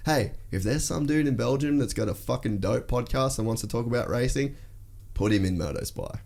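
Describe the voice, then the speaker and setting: A man's voice: medium pitch, brisk, gravelly, a little mellow. An Australian man hosting a casual podcast, talking bluntly and swearing freely in long rambling runs. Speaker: podcast host.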